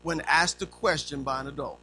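With a slightly high voice and a slightly fast delivery, a man in his fifties preaches a sermon full of funny anecdotes, voicing each character himself. There's a little hiss or hum in the audio.

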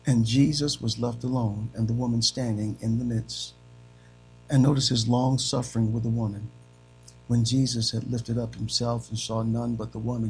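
A gravelly-voiced male preacher delivers a sermon. He climbs to shouted, high-pitched peaks, then drops to soft, hushed phrases. Faint music plays underneath. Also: poor audio. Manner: swings between shouting and soft, dramatic delivery.

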